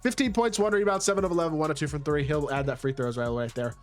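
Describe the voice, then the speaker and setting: A man's voice: on the high side, racing, faint music behind. A young man giving casual commentary over his own gameplay, rambling and hedging with rhetorical questions. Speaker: gaming YouTuber.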